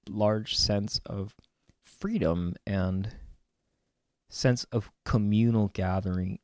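Man, low gravelly voice, dry close sound, meandering spiritual musing, drawn-out words, whispered asides. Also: darkish tone, no echo. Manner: meandering and musing, with many fillers and stretched-out words. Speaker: host reflecting on a card reading. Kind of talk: reflective spiritual monologue. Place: on his own land.

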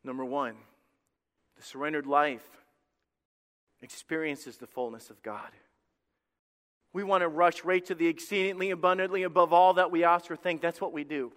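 A pastor preaching a sermon to his congregation, swinging between loud bursts and quiet moments. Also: fairly high pitch, moderate pace, pauses often. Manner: preaching with dramatic shifts in volume, acting out God's voice. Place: church sanctuary with congregation. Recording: reverberant hall.

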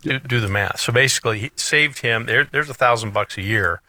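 A man's voice: mid-range voice, brisk, bright, forceful tone, no echo. A middle-aged man hosting a radio talk show, telling rambling stories with many restarts. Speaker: radio show host, financial advisor. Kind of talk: casual radio chat.

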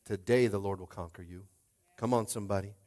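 A man preaching a rousing sermon, swinging from hushed asides to shouted climaxes. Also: on the low side, fairly even intonation, brisk. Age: adult with a young child. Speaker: pastor.

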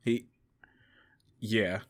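A man's voice: on the low side, fairly even intonation, very slow. A man co-hosting a casual podcast, chiming in with short laid-back remarks. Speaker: podcast co-host. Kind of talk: casual chat.

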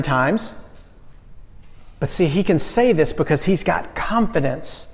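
A youth pastor preaching to a young crowd, animated, swinging between loud emphasis and hushed lines. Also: male voice, on the high side, takes it slowly, gravelly, long pauses. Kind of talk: sermon. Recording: long reverb of a hall.

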